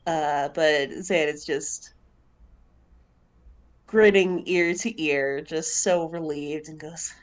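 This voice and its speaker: A woman's voice: low-pitched, steady tone. A woman describing her character's actions in a tabletop game, with frequent fillers. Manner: unhurried, with fillers. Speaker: player.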